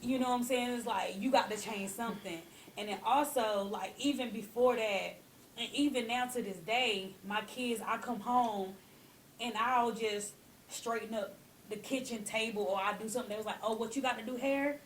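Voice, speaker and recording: A woman's voice: on the high side, normal speed, a little hiss or hum. A young adult woman, a hairstylist, talking candidly in a casual interview and often adding "you know what I'm saying". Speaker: hairstylist and guest.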